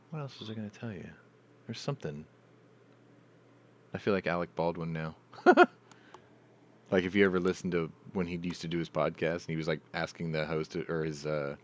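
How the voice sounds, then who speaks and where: Deep-voiced middle-aged man telling stories. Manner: profane, rambling storyteller. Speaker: host. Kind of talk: casual live chat.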